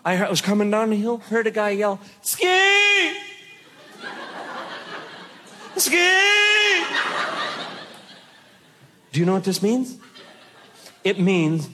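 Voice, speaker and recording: A man doing a stand-up comedy routine on stage, telling animated stories to the audience and asking them questions. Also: a little fast, background noise. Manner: animated storytelling, mimics others with shouted high voices. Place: stage before a live audience.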